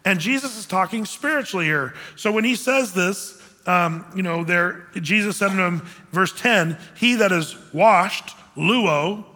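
Bright-voiced male pastor preaching in a hall. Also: high voice, a little slow. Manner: conversational preaching, animated, acts out quotes. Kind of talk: sermon.

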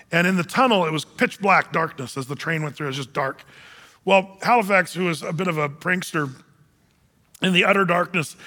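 A man delivers a sermon in a large, echoing hall. His voice sits high and bright, and he tells the scripture story with animated energy, slipping into little voices for the characters. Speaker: pastor.

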